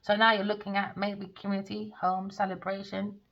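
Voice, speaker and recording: A tarot reader launches into a profane, scornful ranting monologue. She speaks briskly at a medium pitch with a level, fairly bright tone. The recording is dull and lo-fi.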